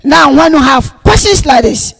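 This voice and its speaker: A man teaching a grammar lesson, repeating each point slowly and stressing key words loudly. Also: very high voice, lively intonation, creaky. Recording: long reverb, echoey room.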